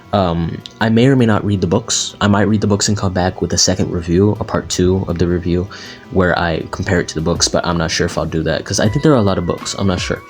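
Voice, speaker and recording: Low-voiced casual young male reviewer. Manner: rambling, casual, frequent fillers and restarts. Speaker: movie reviewer. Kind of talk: casual spoken film review.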